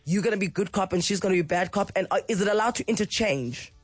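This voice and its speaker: A woman radio host, a little croaky from illness, chatting playfully on breakfast radio. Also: medium pitch, quick pace, no echo, soft background music. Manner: playful, animated.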